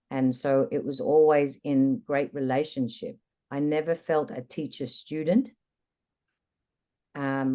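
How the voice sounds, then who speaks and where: Low, mellow-voiced woman telling her story. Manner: candid, reflective, animated retelling. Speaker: interview guest. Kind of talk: personal storytelling in conversation.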